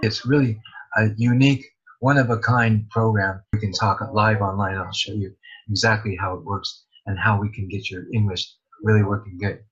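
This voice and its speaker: Husky male pronunciation teacher, casual course pitch, dull lo-fi recording. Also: steady tone, moderate pace, fairly bright tone. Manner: plain-spoken, explaining step by step.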